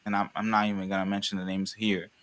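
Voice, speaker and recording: A young man from the Congo, speaking as a panelist in a live conversation, talking in an animated, rambling way with many restarts. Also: on the low side, fast.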